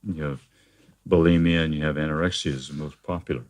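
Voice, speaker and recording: Speaking as a therapist being interviewed, a man with a very deep, low voice explains things in a calm, steady manner. He often lingers on filler words and restarts his phrases as he goes along.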